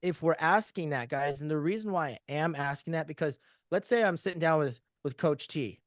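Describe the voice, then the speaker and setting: A man's voice: a little high, fairly quick, no echo, studio quality. A man teaching insurance sales, upbeat and joking as he walks through client questions. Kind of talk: sales training talk with role-play.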